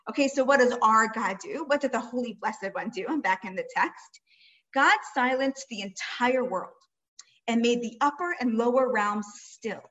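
A woman's voice: a little high, a bit bright, low-quality recording. A woman teaching a text-study lesson, explaining a passage step by step and checking in with her listeners with a frequent "right?". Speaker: Torah teacher.

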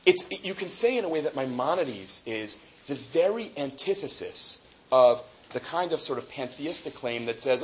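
A man's voice: mid-range voice, lively intonation, normal speed, a little hiss or hum. Man lecturing in an echoey room. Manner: thinks aloud with frequent restarts and tag questions. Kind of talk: academic lecture. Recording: echoey room with faint ambience.

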